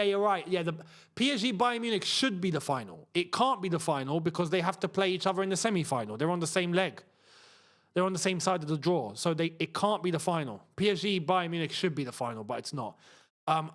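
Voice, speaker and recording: A young man with a high voice hosts a live football watchalong, reacting loudly to goals and bantering with his chat.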